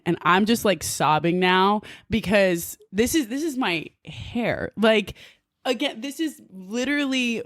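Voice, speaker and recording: A woman from New Jersey, a podcast guest, telling a story in a casual, animated way, full of "like" and quick laughs. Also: medium pitch, no echo, studio quality. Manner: animated, filler-heavy with frequent "like", laughs often.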